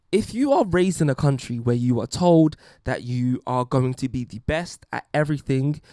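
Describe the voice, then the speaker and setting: A man talks straight into the mic in a wry, emphatic monologue. His voice is gravelly and the sound is dry. His pitch sits in an ordinary middle range. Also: warm tone, dry recording. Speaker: podcast host. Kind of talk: opinion monologue.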